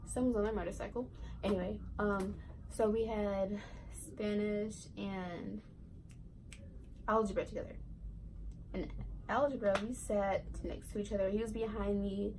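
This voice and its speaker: A woman's voice: mid-range voice, fairly even intonation, a little slow, long pauses, noisy background. A teenage girl vlogger telling a casual storytime, rambling and giggly, full of "like" and "right". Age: teens.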